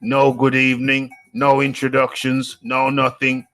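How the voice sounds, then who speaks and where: Slow, playful man hosting a live chat. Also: medium pitch, completely flat delivery, fairly bright tone. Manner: playful, repetitive, chuckling, drawn-out phrasing. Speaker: live show host reading chat. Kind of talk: casual live-stream chat.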